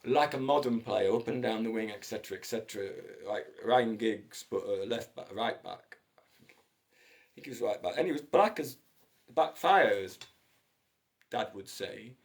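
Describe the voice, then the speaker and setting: A man's voice: fairly low pitch, expressive, moderate pace. A man hosting his own channel, talking in a rambling, jokey solo monologue that wanders from one story to the next. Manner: digressive, jokey, wandering between stories.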